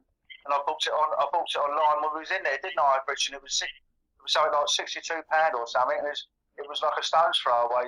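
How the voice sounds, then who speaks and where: Middle-aged man, quick rambling guest, bright tone, eager. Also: on the high side, low-quality recording. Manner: rambling and enthusiastic, many fillers. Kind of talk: casual chat.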